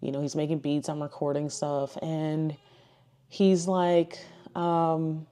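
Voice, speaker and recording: A woman's voice: sits low, level tone, slow, mellow, smooth. A woman in her thirties, a ministry speaker, sharing a personal testimony in a chatty way, with lots of "like" and "you know" and acted-out quotes.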